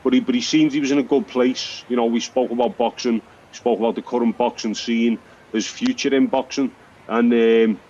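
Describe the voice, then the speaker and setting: A former boxer acting as a radio pundit, speaking in a halting, thoughtful way with many restarts. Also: male voice, medium pitch, fairly even intonation, a little mellow. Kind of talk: radio sports chat. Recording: dull broadcast audio.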